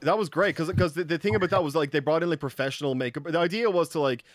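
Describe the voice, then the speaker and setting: A man's voice: fairly high pitch, fast talker, dry recording, studio quality. A man telling rambling stories in casual podcast chat, swearing often and acting out the people he quotes. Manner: rambling storyteller, swears a lot, acts out quotes. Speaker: podcast co-host.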